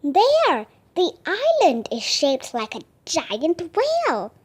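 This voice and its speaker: A woman voicing an eager, cheerful young girl in a storybook read-aloud, bright and excited in tone. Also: a little slow, slight background noise, full character voice. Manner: bright and excited, high squeals.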